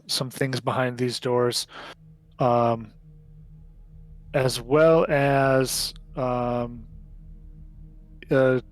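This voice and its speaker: A man narrating as game master of a tabletop game, speaking haltingly with many fillers. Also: medium pitch.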